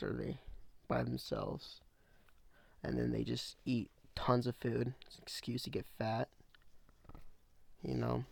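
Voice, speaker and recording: A young man hosting a casual solo podcast from a small room at home, rambling in relaxed slang. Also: mid-range voice, vocal fry, no room sound. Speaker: podcast host.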